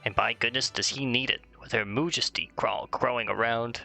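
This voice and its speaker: A man's voice: mid-range voice, fairly even intonation, normal speed, creaky, pushed and bright, soft background music. A man voicing a chatty bird-like merchant, telling a long tale in a let's play. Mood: storytelling. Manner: storytelling, squawking.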